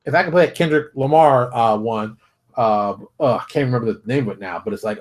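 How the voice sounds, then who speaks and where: A man hosting his own show, talking straight to viewers in a fired-up, preachy rant full of rapid rhetorical questions. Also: medium pitch. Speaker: show host. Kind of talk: animated solo commentary.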